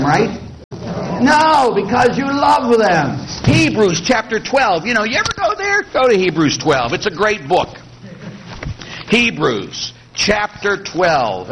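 A middle-aged man, a priest, preaching a sermon in a lively, teasing way and putting questions to the congregation. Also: high-pitched, a little hiss or hum, low-quality recording. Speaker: Catholic priest.

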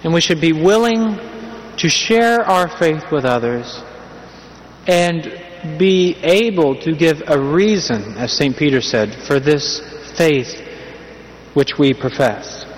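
A man's voice: fairly high pitch, slow pace, slight background noise. A man giving a conversational sermon, telling a humorous story and asking rhetorical questions. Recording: long hall reverb, faint ambience.

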